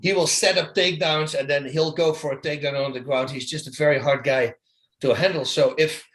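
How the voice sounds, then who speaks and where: A man, a former fighter, guesting in a casual interview, telling animated stories, mimicking punch sounds and laughing between phrases. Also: on the high side, a little fast.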